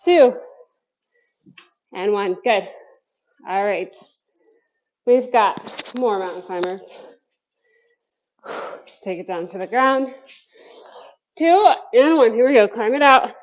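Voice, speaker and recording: A fairly high-voiced woman leads a workout from her basement, upbeat and a little out of breath. She counts down each set and chats between moves. The sound is dull and lo-fi. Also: takes it slowly, pauses often. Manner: upbeat coaching with counting cues and chatty asides. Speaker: fitness instructor. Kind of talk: workout class instruction. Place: home basement.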